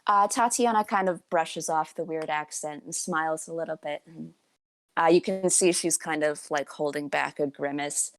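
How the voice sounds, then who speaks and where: A woman serves as game master for a tabletop game, narrating with relaxed, hedging phrasing. Her voice is low. The sound is dry and close to the mic. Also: moderate pace, no room sound.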